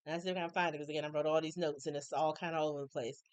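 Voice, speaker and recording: A woman recapping a TV episode in casual chat, opinionated and animated, acting out characters' lines with colloquial asides. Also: deep voice, rapid-fire, clean tone, no room sound. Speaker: recap reviewer.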